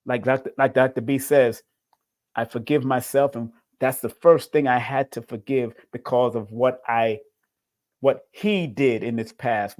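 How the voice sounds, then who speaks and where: A man's voice: mid-range voice, darkish tone. A middle-aged man hosting a livestream, giving an emotional, preachy spiritual talk and calling his viewers family. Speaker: livestream host.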